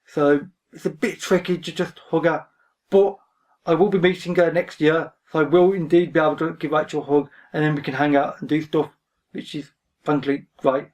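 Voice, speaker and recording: A book vlogger talks casually to camera in a reserved, rambling way, often saying "frankly." His slightly high voice has fairly even intonation and a moderate pace, and it sounds a bit distant from the mic.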